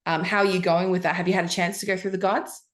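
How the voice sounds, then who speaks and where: A woman coaching a client one on one, upbeat and encouraging. Her voice sits a little low, and she talks in a loose, chatty way full of fillers. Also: little pitch movement, fast talker. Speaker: business coach.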